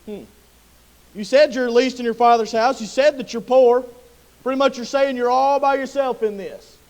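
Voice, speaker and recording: A man's voice: extremely high pitch, fairly even intonation, normal speed, darkish tone. A man preaching a sermon with impassioned storytelling.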